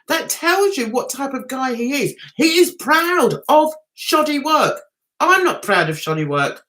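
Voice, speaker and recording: A woman's voice: sits high, big pitch swings, a little slow, a bit bright. A woman with a London accent touched by Essex, hosting a casual live chat and talking to viewers in a chatty, sarcastic, teasing way. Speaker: livestream host.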